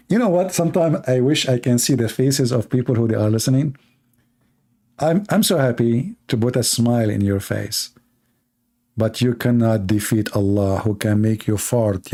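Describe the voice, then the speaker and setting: A man's voice: medium pitch, dark tone. Sarcastic man. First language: Arabic. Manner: sarcastic, joking, drawn-out mock voices. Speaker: debate streamer. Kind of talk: mocking live-stream commentary.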